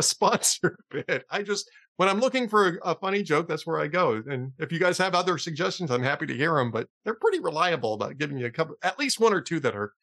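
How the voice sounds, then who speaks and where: Bright-voiced, lively male podcast host. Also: a little high. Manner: chuckling, joke-telling. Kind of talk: casual chat.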